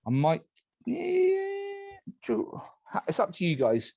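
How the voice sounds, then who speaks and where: A man running an online party game as moderator, calm and polite as he narrates each night phase over a video call. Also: very high voice, slow pace, creaky, no room sound.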